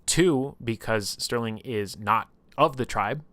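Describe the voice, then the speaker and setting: A man casually retelling a tabletop campaign on a live stream, rambling and animated, with lots of filler and swearing. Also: medium pitch, slow pace, no room sound.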